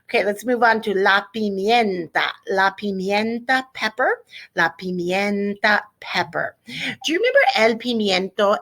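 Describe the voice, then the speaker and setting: A woman teacher talks her students through a vocabulary lesson in a lively, coaxing way, with a mid-range voice. She says each word twice and drills the forms. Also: medium pitch. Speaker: Spanish teacher.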